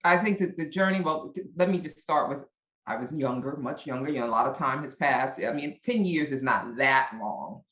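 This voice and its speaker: A middle-aged woman from Brooklyn with a Brooklyn accent, telling stories as a podcast guest in a lively way and laughing often. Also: rumbling low, moderate pace. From Brooklyn, New York. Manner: animated storyteller, laughs often. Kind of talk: casual interview chat. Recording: roomy, dull-sounding audio.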